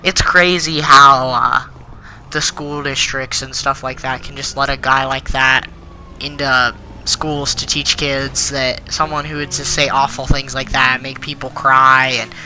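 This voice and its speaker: Very bright teenage boy ranting. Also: medium pitch, flat delivery, unhurried, a little hiss or hum, low-quality recording. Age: teens. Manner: indignant, rambling with many fillers. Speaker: channel host. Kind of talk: storytime rant.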